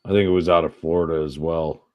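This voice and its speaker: A man co-hosting a podcast, reading odd news stories aloud in a profane, animated way. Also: rumbling low, fast. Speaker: podcast co-host.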